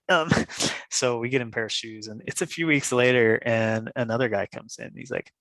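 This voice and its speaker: A man's voice: medium pitch, normal speed, dry recording. Chatty man telling a story, dry sound. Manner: animated, laughs often, acts out quoted dialogue. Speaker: podcast guest, running shoe designer. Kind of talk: casual storytelling.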